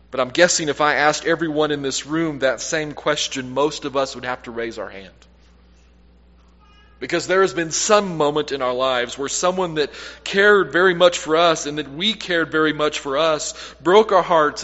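A man preaching a sermon to a congregation in a loose, conversational way, fairly high in pitch. His phrases often sink quiet at the end, and he corrects himself mid-sentence. The sound is dull and lo-fi, with a long echo from the church hall. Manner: conversational, self-correcting, drops to quiet at line ends. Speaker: pastor. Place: church sanctuary.

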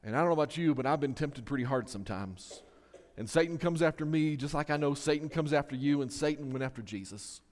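A male preacher delivering a sermon as animated storytelling, often chaining his thoughts with repeated "and." His voice sits high for a man. Long hall reverb trails after each phrase. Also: fast talker.

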